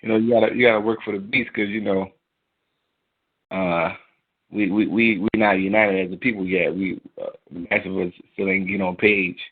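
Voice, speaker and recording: Low voiced guy calling in, rambles, says you know what im saying a lot, phone audio. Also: fairly even intonation, normal speed, breathy edge. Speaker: caller. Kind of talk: casual call-in talk. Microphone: phone call. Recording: tinny phone line.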